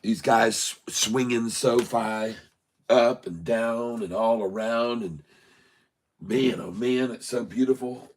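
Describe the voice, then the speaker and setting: A man's voice: medium pitch, fairly even intonation, takes it slowly, slight background noise. Rambling, jokey man hosting a trading stream. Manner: rambling and jokey, muttering to himself while working. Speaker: stock day-trading livestream host. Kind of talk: casual livestream chat. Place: home room with shelves of keepsakes.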